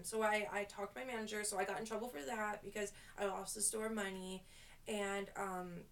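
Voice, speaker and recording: A woman's voice: medium pitch, a bit bright. A young woman hairstylist telling a story in a rambling, self-deprecating way for her vlog. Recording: voice distant from the mic.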